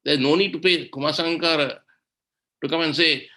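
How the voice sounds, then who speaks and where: A man's voice: a little high, fairly even intonation, moderate pace, sharp tone. A man giving an impassioned webinar talk on environmental law, indignant and full of rhetorical questions, over a video call. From Sri Lanka.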